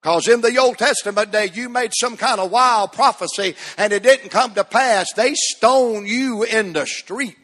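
High-pitched preacher, slow and shouting. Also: male voice. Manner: Southern preaching cadence, swinging from shouts to hushed tones. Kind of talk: sermon. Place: church sanctuary. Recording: long hall reverb.

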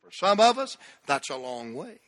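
An older male pastor preaching a revival-style sermon, climbing into shouted, repeated calls and dropping back to folksy asides. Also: a little high, very animated, moderate pace. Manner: builds to shouted, repeated exhortations with folksy humor.

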